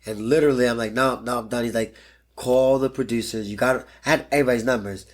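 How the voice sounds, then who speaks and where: A man's voice: mid-range voice, fairly even intonation, fast. A man in his thirties, a pro fighter guest in an interview, telling a story bluntly and animatedly and swearing freely.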